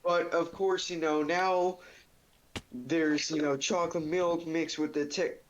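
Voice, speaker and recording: A man's voice: fairly high pitch, steady tone, a little slow. A teenage boy streaming, talking casually and rambling with lots of fillers. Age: teens. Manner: rambling, full of fillers and quoted outbursts. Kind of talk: casual chat while gaming. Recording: dull lo-fi mic with faint hiss.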